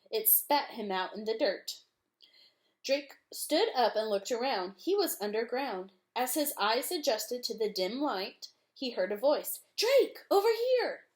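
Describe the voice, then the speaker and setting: A woman's voice: on the high side, expressive, unhurried. A woman reading a children's chapter book aloud, adding chatty asides to her listeners. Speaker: storybook reader.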